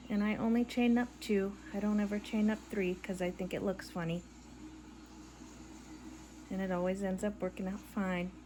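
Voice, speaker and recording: A woman's voice: medium pitch, flat delivery, normal speed, long pauses, background noise. Tired, rambling middle-aged woman. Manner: rambling, chatty, with soft laughs. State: tired and yawning. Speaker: crochet vlogger. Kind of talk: casual chat while crocheting. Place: living room at home. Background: faint background audio playing.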